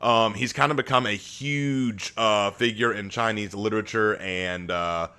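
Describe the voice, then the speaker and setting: A man's voice: on the low side, a little slow, bright, forceful tone, clear, resonant tone. A man hosting a casual live stream from home, chatting with viewers and reading their messages aloud.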